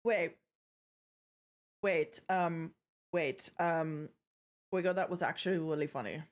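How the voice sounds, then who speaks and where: A woman's voice: low voice, slow. A young woman streaming live, chatting playfully with her viewers, joking and swearing as she goes. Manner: playful, chatty, swears freely, trails off and restarts.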